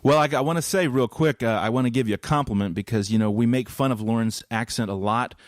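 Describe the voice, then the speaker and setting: A man's voice: medium pitch, fast, no room sound, studio quality. A man hosting an interview, talking in an earnest, rambling way with asides. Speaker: host. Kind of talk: podcast interview.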